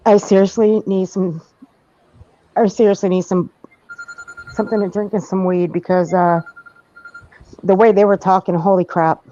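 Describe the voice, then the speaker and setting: A woman hosting a casual livestream panel, blunt and quick to swear. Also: medium pitch, steady tone, dark tone. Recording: dull, lo-fi call audio.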